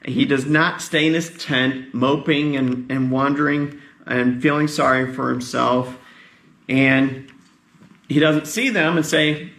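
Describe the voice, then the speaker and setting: Tired pastor with a gravelly voice. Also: male voice, medium pitch, steady tone, slow pace, fairly bright tone, reverberant. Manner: conversational, asks the congregation questions. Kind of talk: sermon.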